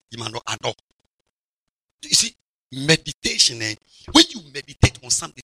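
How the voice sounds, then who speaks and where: A man preaching a lively sermon as a bishop, mocking and shouting for emphasis. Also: a little high, breathy edge, dry recording.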